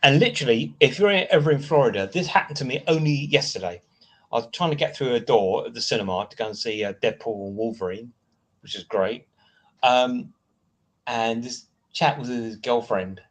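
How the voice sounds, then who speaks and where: A man with a British accent hosting a casual live stream, rambling and chatting as he answers viewer comments between asides. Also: mid-range voice.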